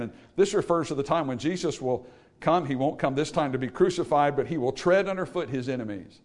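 Man preaching a sermon, quiet to loud. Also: medium pitch. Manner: rhetorical questions to a congregation.

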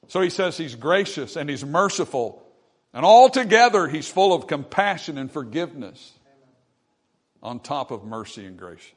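Guy preaching a sermon, normal pitch, gets loud then goes real quiet, reads old-style scripture. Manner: preaching with swells of volume and soft drops. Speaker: pastor.

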